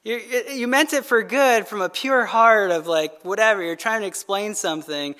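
A male pastor with a high-sitting, bright, forceful voice preaches a midweek sermon at a moderate pace. His style is loose and conversational, with "right?" asked over and over and jokey asides to the congregation.

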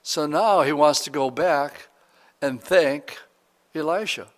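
A male preacher retelling a scripture story in a relaxed, conversational way, dropping in modern slang. His voice sits a little higher than most men's. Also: slow pace. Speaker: pastor. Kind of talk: sermon, retelling a Bible story.

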